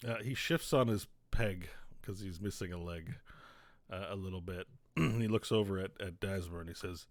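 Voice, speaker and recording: A man narrating as game master in a casual, halting way. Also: sits low, no echo. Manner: casual, hesitant narration with fillers.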